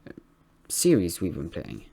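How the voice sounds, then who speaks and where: A man's voice: low-pitched, wildly swooping pitch, unhurried, creaky, mellow, breathy edge. A man introducing his own game video casually, rambling with fillers and restarts. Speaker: amateur game caster.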